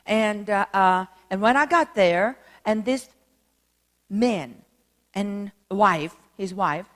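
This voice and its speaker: A woman minister with a Korean accent, telling a story in a sermon, halting with many fillers but animated. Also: medium pitch. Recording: long reverb hall.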